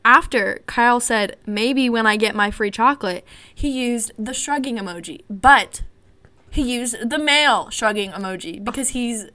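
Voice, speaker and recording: A young woman in casual chat, reading dating-app messages aloud with animated, giggly storytelling. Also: fairly high pitch, moderate pace, no room sound.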